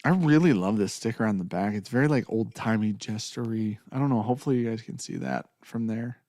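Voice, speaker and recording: Male whiskey-show host, lively pitch swings, profane and jokey, dry close sound. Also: brisk, dry recording. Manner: loose, profane, joking. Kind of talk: casual tasting chat.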